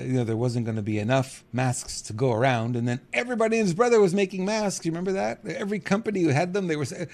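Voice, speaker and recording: Man, middle-aged, podcast host, casual monologue, higher-pitched, animated, chuckling. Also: vocal fry. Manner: animated, acts out quotes with big pitch jumps, chuckles.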